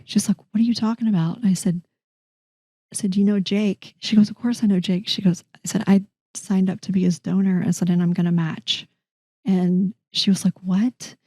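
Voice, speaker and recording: A middle-aged woman, a guest telling a personal story in an interview, animated and voicing the people in her story. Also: mid-range voice, normal speed, no echo, studio quality. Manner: animated, acts out quoted dialogue, frequent restarts. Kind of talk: conversational storytelling.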